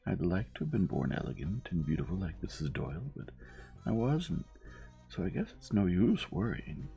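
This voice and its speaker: A man's voice: low-pitched, sing-song, moderate pace, vocal fry, dark tone, faint music behind, voice pushed up, exaggerated voice. A man voicing a sincere, mild-mannered young woman in a storybook reading. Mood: earnest. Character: earnest, meek young American woman, kindly.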